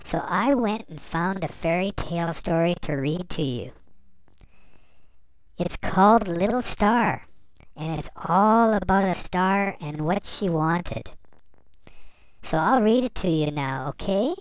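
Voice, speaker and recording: Woman storyteller, bedtime reading for children, unhurried, close and dry. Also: on the low side, expressive, clear, resonant tone, no room sound, low-quality recording. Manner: gentle, slow, addressing children.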